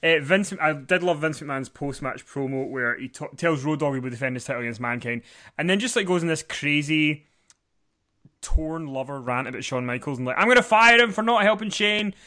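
A man's voice: mid-range voice, a little fast, a bit bright. A man co-hosting a casual recap podcast, rambling and joking with plenty of fillers. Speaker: podcast co-host. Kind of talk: casual chat recapping wrestling.

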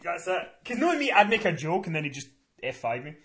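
A man's voice: high voice, fast talker, slight background noise. A man co-hosting a podcast, telling a story in casual chat. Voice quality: chatty, animated storyteller. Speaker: podcast co-host and event promoter.

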